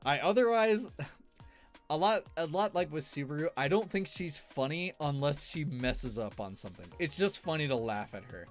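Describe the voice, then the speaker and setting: A man's voice: fairly high pitch, animated, moderate pace, faint music behind. A man streamer giving rambling, casual tier-list commentary, laughing often between fillers.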